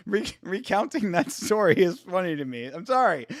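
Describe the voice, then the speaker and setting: Male stream host, slightly high voice, casual and giggly, swears freely, dead-dry booth sound. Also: very animated, moderate pace, few pauses, a bit bright, no echo. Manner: laughs a lot and keeps apologizing. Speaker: livestream host. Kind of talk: casual live-stream chat, reading viewer comments.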